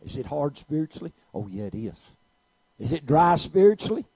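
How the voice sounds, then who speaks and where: Man preaching, gravelly and husky, big loud-soft swings. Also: a little high, sing-song, moderate pace, no room sound, poor audio. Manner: storytelling, swings from quiet to loud. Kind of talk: preaching a sermon.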